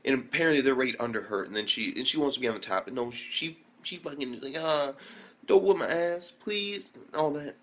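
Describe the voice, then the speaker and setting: Young man, casual anime recap, excitable, lots of slang and swearing, mid-pitched voice. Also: fast talker, hardly any pauses. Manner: excitable, heavy slang and swearing, frequent filler "like". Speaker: anime reviewer.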